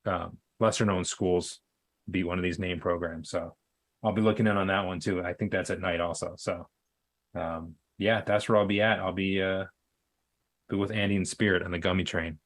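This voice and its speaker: A man with a fairly low voice talks through a loose, meandering story in casual sports chat. He stops and restarts often and leans on fillers as he goes. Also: steady tone, normal speed. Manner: rambling storyteller with many fillers. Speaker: podcast co-host.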